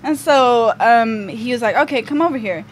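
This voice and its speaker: A young woman with a somewhat high voice tells a personal story as a podcast guest. She rambles casually, leaning on "like" and "um". A faint hiss of background noise sits under the recording. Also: moderate pace. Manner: chatty, full of fillers like "like" and "um".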